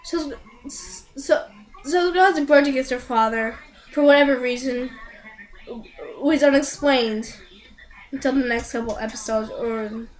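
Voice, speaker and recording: A woman's voice: sits high, measured pace, pauses often, rough recording. A woman casually recapping an anime, rambling with many fillers and restarts and sounding incredulous. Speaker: vlogger reviewing an anime.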